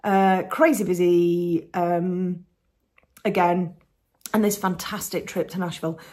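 A woman's voice: on the low side, steady tone, slow, dark tone. A woman with an English accent hosting a podcast, chatting in a rambling way with restarts and laughs. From England. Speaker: podcast host and coloured pencil artist. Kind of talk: casual chat.

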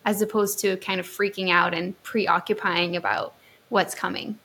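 A woman's voice: medium pitch, steady tone, moderate pace, gravelly, fairly bright tone, husky. A woman hosting a podcast interview, chatting casually and encouraging her guest with enthusiastic affirmations. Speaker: podcast host.

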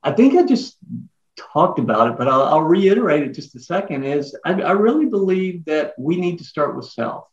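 A man's voice: a little high, sing-song, normal speed. A man guesting on a podcast interview, explaining his ideas earnestly and listing them in emphatic runs. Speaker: guest author. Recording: echoey, dull lo-fi remote audio.

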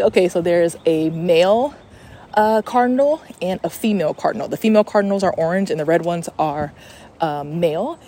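A woman's voice: on the low side, brisk, dark tone. A young woman hosting a podcast in a casual, rambling, profane chat, recorded on a phone voice memo. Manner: chatty, profane, rambling with fillers. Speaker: podcast host.

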